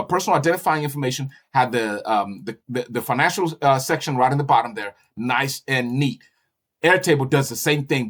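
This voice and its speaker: A man walking through his business software on a screen share, talking in an animated, salesy way with frequent "okay?" check-ins and restarts. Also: a little high. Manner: restarts and repeats words often. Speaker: broker trainer and business owner.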